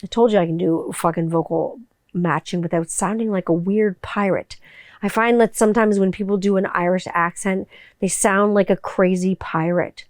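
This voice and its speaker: A woman's voice: medium pitch, steady tone, normal speed, no room sound, studio quality. A woman hosting her own podcast in a casual, jokey and profane way. She works as a voiceover artist and talks about her kids. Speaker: podcast host. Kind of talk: casual solo podcast chat.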